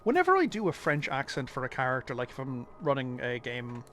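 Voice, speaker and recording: A man's voice: mid-range voice, huge pitch swings, brisk, a bit bright, slight background noise. A man streaming a detective game, casually thinking aloud and muttering through clues. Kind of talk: casual live-stream commentary.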